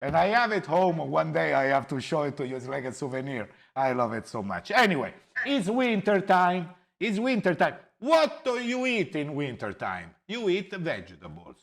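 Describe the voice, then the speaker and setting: A man's voice: fairly high pitch, very animated, normal speed, vocal fry. A middle-aged Italian man hosting a cooking show from his kitchen, chatting animatedly in Italian-accented English that is sprinkled with Italian words. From Italy. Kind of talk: casual cooking chat. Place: home kitchen.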